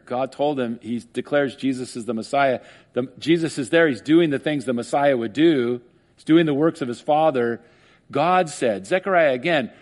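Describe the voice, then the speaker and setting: A man preaching a sermon, animated, acting out skeptics in mock voices and laughing often. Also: mid-range voice. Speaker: pastor.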